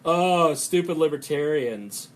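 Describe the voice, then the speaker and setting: A man voicing his mocking adult sister, whose nagging, sneering drawl sounds high and loud. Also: lively intonation, extremely slow, heavily acted.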